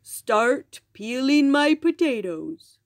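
A woman voicing a boastful male giant in a storybook reading, speaking slowly and mockingly. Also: sing-song, dry recording, exaggerated voice. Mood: gloating. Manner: slow, booming, mocking.

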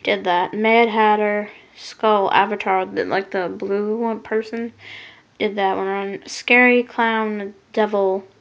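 Gravelly-voiced young woman chatting on lo-fi phone audio. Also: mid-range voice, steady tone, takes it slowly. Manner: rambling, trails off into soft mutters. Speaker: makeup vlogger. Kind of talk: casual rambling vlog chat. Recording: lo-fi phone recording.

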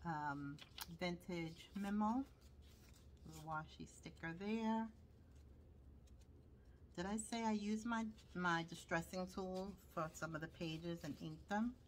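Chatty Brooklyn woman, deep voice, casual crafting vlog, light background noise. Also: takes it slowly, long pauses. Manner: chatty, rambling with many fillers. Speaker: crafter showing handmade journals. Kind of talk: casual show-and-tell.

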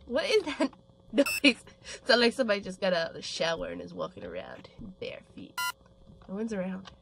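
A woman's voice: mid-range voice, big pitch swings, a little fast, vocal fry, background noise. Chatty young woman playing a game. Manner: chatty, jokey, reads game text aloud. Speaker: gaming channel host. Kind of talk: let's play commentary. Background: game music.

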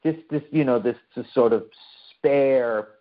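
A man's voice: mid-range voice, a little slow, narrow, tinny audio. A man from the United States giving a conversational online talk to a remote audience, often posing questions to his listeners. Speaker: lecturer.

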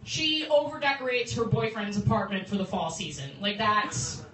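A woman's voice: mid-range voice, moderate pace, sharp tone. Young woman doing stand-up, heard from afar. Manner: chatty, self-interrupting, laughing between jokes. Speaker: stand-up comedian. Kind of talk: stand-up set. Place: comedy club. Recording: roomy, distant phone stream with background noise.

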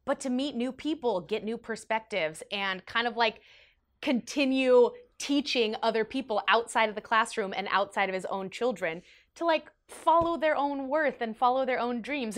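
A young woman vlogger telling a personal story in an animated, emotional way, with big swings in her voice. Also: fairly high pitch, moderate pace. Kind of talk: storytime vlog.

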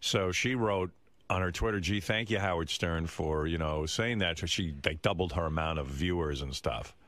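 Animated radio host, low voice. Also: male voice, normal speed, no echo. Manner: animated storytelling, exasperated rants. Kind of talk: casual radio chat.

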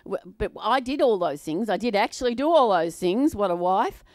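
A woman preaching a sermon to a congregation in an animated, playful way, often laughing and acting out voices. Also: medium pitch, normal speed, no echo, clean studio sound. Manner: acts out quoted voices.

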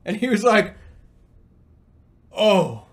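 Man, streamer, casual storytelling, lively swinging pitch, slightly high voice, swears a lot. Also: normal speed. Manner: animated, swears freely, acts out both sides of dialogue. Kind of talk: casual storytelling while gaming.

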